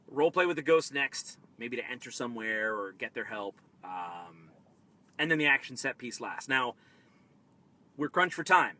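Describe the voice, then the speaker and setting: A man hosting a live tabletop-game advice stream, energetic and excitable, swinging between loud bursts and quiet asides. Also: medium pitch, normal speed. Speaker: host.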